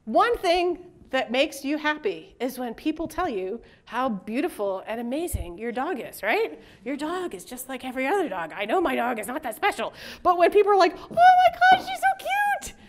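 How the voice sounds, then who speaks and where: Middle-aged lady presenting at a conference, high voice, chatty and jokey, does little voices for people. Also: sing-song. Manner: chatty, jokey, with quick asides and laughs; acts out quoted people in shifting voices. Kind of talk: casual conference talk. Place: conference room with live audience.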